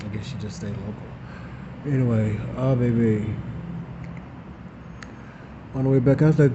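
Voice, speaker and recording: A man telling a story in a casual, animated way, laughing often and using campy slang. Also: medium pitch, moderate pace, long pauses. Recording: dull, lo-fi with faint hiss.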